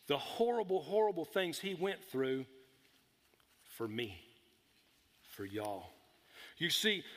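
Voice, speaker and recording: A man's voice: high-pitched, a bit bright. A middle-aged man, a pastor telling a folksy story to his congregation in a church sanctuary. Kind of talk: storytelling sermon. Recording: reverberant hall.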